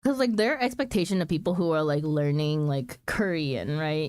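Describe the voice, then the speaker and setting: A woman's voice: fairly low pitch, lively intonation, normal speed, few pauses, darkish tone, smooth, no room sound. A woman streamer chatting casually with her viewers, laughing often and talking with lots of "like" fillers. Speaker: streamer reading chat. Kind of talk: casual chat.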